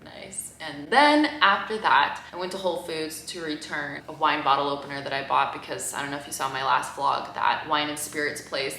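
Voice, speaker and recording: A woman's voice: low-pitched, sharp tone, slight background noise. A woman vlogging in a chatty, casual way, telling stories with lots of fillers and laughing along. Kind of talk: casual vlog storytelling. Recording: roomy echo.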